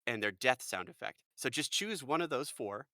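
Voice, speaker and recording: American guy voice actor, bright forceful tone, dry close sound, lots of fillers. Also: medium pitch, normal speed, no room sound. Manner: animated, jokey, full of fillers. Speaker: voice actor guest. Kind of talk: casual podcast chat.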